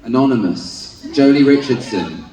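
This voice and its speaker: A man's voice: mid-range voice, lively intonation, dark tone. A young man as a panel guest, speaking wryly and laughing. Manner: slow, wry, laughing. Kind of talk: casual panel storytelling. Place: large convention hall. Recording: echoey convention hall from far off, crowd and noise. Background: crowd noise.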